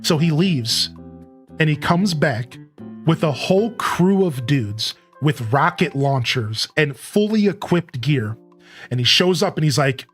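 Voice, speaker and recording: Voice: medium pitch, expressive, measured pace, soft background music. A streamer chatting casually with a live audience, telling a story loosely and greeting viewers by name.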